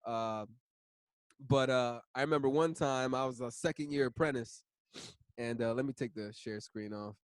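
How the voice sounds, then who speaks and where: A man's voice: mid-range voice, normal speed, clear, resonant tone, dry recording. Chatty, slangy man teaching scripture. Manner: chatty, laughs often, uses slang. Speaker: bible study teacher. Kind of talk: casual bible study teaching.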